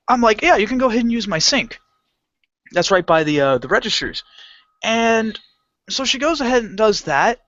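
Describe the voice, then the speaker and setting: A man on a podcast telling a work story in casual chat, animated, swearing often and acting out his customers. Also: high-pitched. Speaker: podcast co-host. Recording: dull lo-fi home recording.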